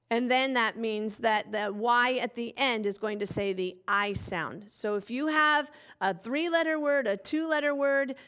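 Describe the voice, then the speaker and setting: A woman teacher with a fairly high voice leads a phonics lesson for small children. She talks slowly and draws out her words in a playful, exaggerated way, as if acting for a young class. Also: a bit bright.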